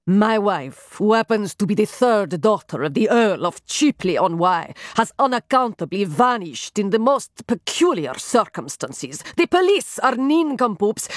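A woman's voice: a little high, no echo, studio quality. A woman playing a melodramatic Spanish nobleman. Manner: haughty, operatic and overwrought. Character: melodramatic foreign young aristocratic man.

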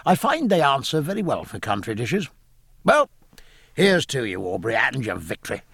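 A man voicing a gruff, hearty old admiral who speaks bluntly, in an audiobook. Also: medium pitch, big pitch swings, normal speed, a bit bright, dry recording, full character voice. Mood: bluff hearty. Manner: blunt, bluff, hearty exclamations.

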